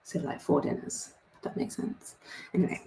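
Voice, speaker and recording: A woman's voice: normal speed, warm tone. A young woman hosting an art club, chatting casually while she draws and joking at her own expense. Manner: rambling and self-deprecating, laughs at herself. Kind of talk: chatty drawing tutorial. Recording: echoey room.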